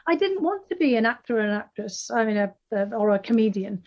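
An author being interviewed, a woman with a Northeast English accent, gives long answers full of fillers and restarts. Her voice is fairly high and sing-song, moving a little fast, and the highs are cut off.

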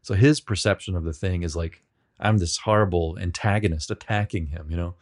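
A man being interviewed on a podcast, telling rambling, self-deprecating stories with many halting restarts. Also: sits low. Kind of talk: casual storytelling.

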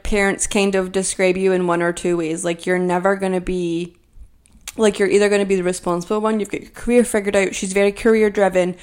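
A woman in her twenties hosting a casual solo podcast, rambling and joking at herself, with constant "like" fillers. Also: mid-range voice. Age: 20s. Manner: rambling, filler-heavy with frequent "like"; self-deprecating, joking. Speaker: podcast host.

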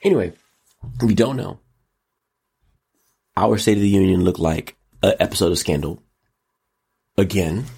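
Husky, gravelly male commentary host. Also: moderate pace, pauses often. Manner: animated, mocking, jumps into high exclaims. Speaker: show host. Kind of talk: casual pop-culture and politics commentary.

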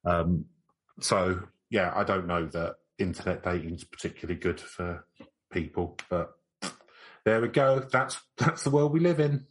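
A man's voice: low voice, measured pace. A young man co-hosting a podcast, chatting in a dry, joking, rambling way. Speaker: podcast co-host. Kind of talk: casual banter.

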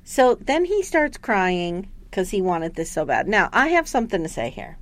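A woman co-hosting a casual podcast, recapping an episode with animated storytelling and squealed voices for the people she quotes. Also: medium pitch, normal speed. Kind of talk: casual chat.

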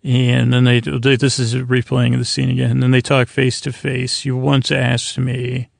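A man talks through a casual episode recap in a heavily gravelly voice, rambling and halting, with frequent fillers. His delivery stays flat and even, and the recording is dry and close. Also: medium pitch, dry recording. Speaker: podcast host.

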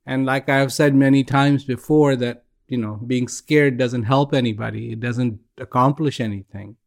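A man giving a calm, reflective talk, gently telling a joke and repeating phrases as he goes. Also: medium pitch, moderate pace, creaky.

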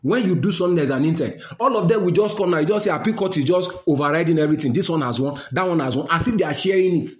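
A man's voice: on the high side, racing, hardly any pauses, darkish tone, roomy sound, faint music behind. A man with a Nigerian accent delivering an angry, scolding rant, slipping into Pidgin phrases.

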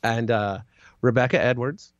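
A man's voice: mid-range voice, measured pace, dry recording, muffled recording. A man co-hosting a podcast, chatting casually and telling a rambling story with plenty of fillers. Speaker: podcast co-host. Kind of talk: casual chat.

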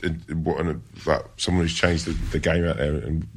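A man hosting a podcast, asking quick, halting questions full of fillers. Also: a bass voice, fairly even intonation. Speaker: podcast host. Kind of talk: casual podcast chat.

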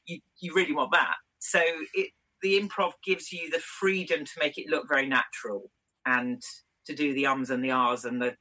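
A woman's voice: rumbling low, steady tone, normal speed, pushed and bright, poor audio. A British woman, an actress, giving chatty, thoughtful interview answers with frequent small laughs and restarts. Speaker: actress guest.

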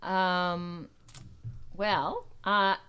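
A woman's voice: on the low side, steady tone, drawn-out words, pushed and bright, clean tone, dry recording. A woman chatting as a guest, thoughtful and hesitant as she searches for words. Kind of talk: casual chat.

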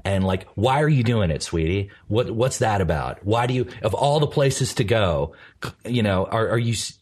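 Profane, emphatic male panelist; husky, animated delivery. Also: fairly low pitch, normal speed. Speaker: podcast panelist. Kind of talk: casual chat.

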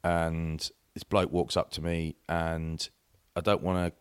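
A middle-aged man co-hosting a podcast tells meandering anecdotes in casual chat, interrupting himself to begin again. His low, clear, resonant voice barely shifts in pitch and moves at a measured pace, with no echo.

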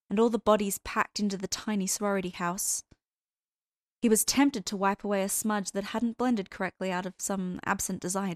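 A woman narrating fan fiction as an audiobook reader in a measured storytelling way. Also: mid-range voice, no echo, studio quality.

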